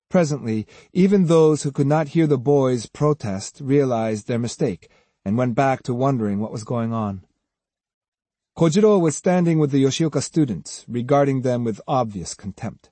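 Man, audiobook narration, husky, mellow tone, lively pitch, dry close mic. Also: no room sound. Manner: measured storytelling, voices each character. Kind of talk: scripted narration.

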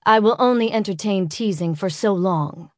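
A woman voicing a possessive, teasing adult male vampire lover in an audiobook, with a low, hoarse, commanding murmur. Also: moderate pace, darkish tone, no room sound, clean studio sound, lightly acted.

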